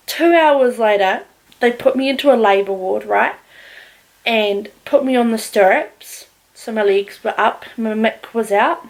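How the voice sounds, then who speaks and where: A woman recounts her own story to the camera in a relaxed, unfiltered vlog style. Her voice sits a touch high, and she talks frankly, peppering it with swearing. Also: unhurried, rough recording. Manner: candid, heavy swearing, animated retelling. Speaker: vlogger. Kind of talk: casual storytelling.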